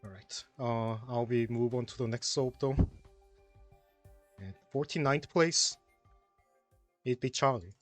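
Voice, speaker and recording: A man's voice: mid-range voice, measured pace, long pauses, no room sound, faint music behind. Hesitant man explaining puzzle mechanics. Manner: hesitant, restarts and fillers while explaining. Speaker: tournament stream co-commentator. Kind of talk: casual puzzle-solution commentary.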